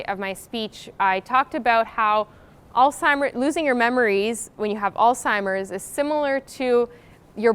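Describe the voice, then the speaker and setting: A young woman co-leads a university workshop, walking listeners through her own speaking habits. Her voice is smooth and clear, sitting a bit high, and she talks casually with soft fillers. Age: young adult. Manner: casual, uses fillers like sort of. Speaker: graduate student co-presenter. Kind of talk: workshop explanation.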